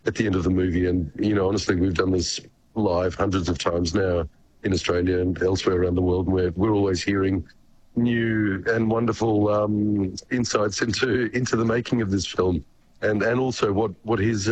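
A man, a guitarist guest on a radio interview, speaking in a croaky, hoarse voice with many halting restarts and repeated words. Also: sits low, flat delivery, slight background noise, rough recording.

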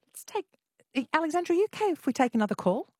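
A woman's voice: sits high, big pitch swings, racing, dark tone, dry recording, studio quality. A woman hosting a late-night talkback radio show, chatty and playful with callers. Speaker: radio host. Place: radio studio.

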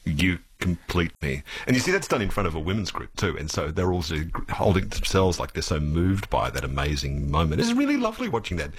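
A man's voice: sits low, wildly swooping pitch, quick pace, few pauses, breathy edge. A man hosting a conversation and pressing his guest with probing questions. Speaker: host. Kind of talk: conversational interview.

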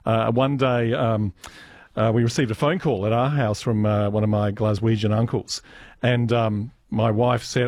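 A man's voice: mid-range voice, a little slow, darkish tone, dry recording. A male radio host chats loosely on air. He mocks himself, trails off and restarts. The studio sound is dry. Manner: chatty, self-deprecating, trails off and restarts. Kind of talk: casual on-air banter.

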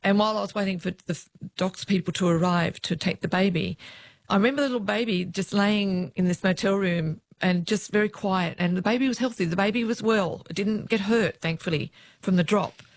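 A middle-aged woman with an Australian accent, a former police officer telling lively stories in an interview and quoting what others said. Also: medium pitch, fairly quick. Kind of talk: interview storytelling.

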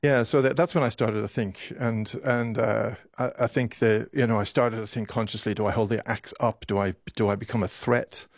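A man, a doctor recounting a hard memory in a halting way, his voice strained with emotion. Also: on the low side, steady tone, dry recording, clean studio sound. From Ireland. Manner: halting, with many restarts and apologies. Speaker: doctor, interview guest. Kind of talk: emotional personal recollection.

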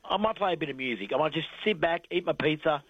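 Upbeat Australian traffic reporter. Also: male voice, fairly high pitch, animated, slightly rough, no echo, highs cut off. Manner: brisk, upbeat delivery. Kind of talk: radio traffic report and casual chat. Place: radio studio.

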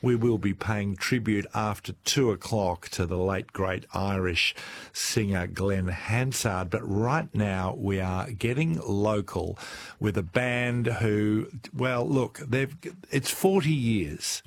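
A man's voice: on the low side, slow, vocal fry, no echo. A man hosting a radio show, chatting and introducing the next song in an upbeat way. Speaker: radio host. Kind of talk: radio presenting.

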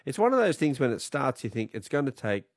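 A man's voice: medium pitch, big pitch swings, fast, dry recording, clean studio sound. A man with an Australian accent hosting a radio quiz, joking and chuckling with callers while fighting a slight cold. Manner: jokey, chuckling, teasing callers. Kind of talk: casual talkback radio chat.

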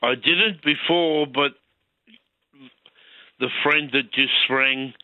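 A man's voice: medium pitch, takes it slowly, dry recording. Male caller on a dull line. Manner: relaxed, hesitant with ums. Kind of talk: casual phone-in chat. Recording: dull phone-line sound.

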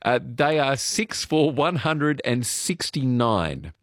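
An Australian man presenting an evening radio show in a relaxed, chatty way, with frequent "uh" fillers, on a studio microphone. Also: mid-range voice, slow, no room sound. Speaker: radio host.

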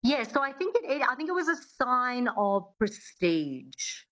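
A woman's voice: a little high, sing-song, a little slow, fairly bright tone, poor audio. A middle-aged woman, an accent coach, explaining as a radio guest with frequent fillers. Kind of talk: radio interview.

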